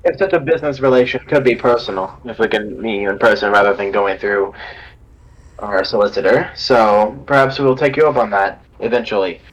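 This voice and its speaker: A man playing a tabletop game, asking questions in a halting, restart-filled way. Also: on the low side, dull audio. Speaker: player. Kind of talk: casual tabletop role-play.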